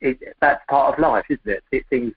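A man calling in to a live show, speaking hesitantly and haltingly with many restarts. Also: mid-range voice, breathy edge, no room sound. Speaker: caller. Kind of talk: call-in conversation. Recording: tinny phone line.

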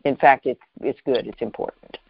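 A show host reflecting slowly and thoughtfully, often pausing to find the next phrase. The voice sits in a middle register, recorded close and dry with a slightly muffled, lo-fi sound. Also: mid-range voice, creaky, slightly rough, no echo. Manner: thoughtful, searching, halting phrasing. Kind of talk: reflective spiritual talk.

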